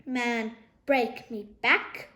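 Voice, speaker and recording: A woman's voice: fairly high pitch, fairly even intonation, drawn-out words, bright, forceful tone, roomy sound, exaggerated voice. A woman doing a giddy dad. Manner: boisterous, giddy, dialect-heavy. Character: excitable daft working-class dad, grown man.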